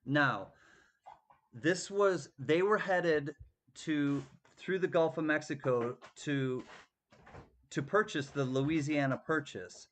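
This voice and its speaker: A man's voice: on the high side, takes it slowly, fairly bright tone, a little hiss or hum. A man running a live-stream coin auction, chatty and thanking bidders by name.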